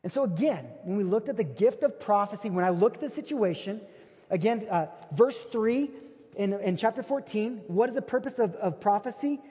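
A man's voice: high-pitched, normal speed. A male pastor preaching a sermon, telling a story in a loose, conversational way. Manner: conversational, animated retelling. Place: large church auditorium. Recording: long hall reverb.

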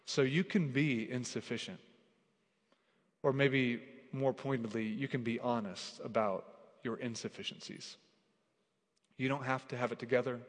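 A man's voice: mid-range voice, fairly even intonation, moderate pace, pauses often. A man preaching a sermon as pastor, earnest and conversational, often saying "like", building to emphatic repeated declarations. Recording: long hall reverb.

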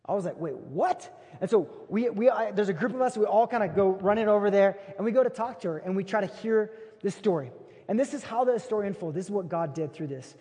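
A man with a notably high voice preaches to a big church crowd, spinning a story in a chatty, animated way. His words ring out with a long hall echo behind them. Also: fast talker. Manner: conversational, animated retelling. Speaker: pastor. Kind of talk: sermon with storytelling. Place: large church auditorium.

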